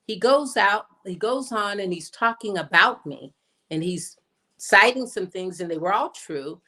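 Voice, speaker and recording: A woman minister giving an inspirational sermon as a personal story, slowing down to stress her points. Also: pushed and bright. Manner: storytelling, acts out quoted voices with big pitch jumps; slows down for emphasis. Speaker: guest minister. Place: streamed in from home or studio.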